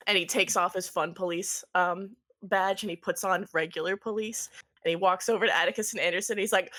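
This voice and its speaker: A woman's voice: fairly low pitch, steady tone, a little fast, bright, forceful tone. Laughing woman game master. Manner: laughing, loose storytelling with many fillers. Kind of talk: narrating a tabletop game.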